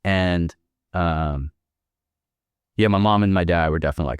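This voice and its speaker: Veteran man in his thirties, low-pitched, dry and close; laid-back, profane storyteller for an interview. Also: normal speed, clean tone, no room sound. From Northern California. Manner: laid-back and profane, acts out quoted dialogue. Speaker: podcast guest, military veteran.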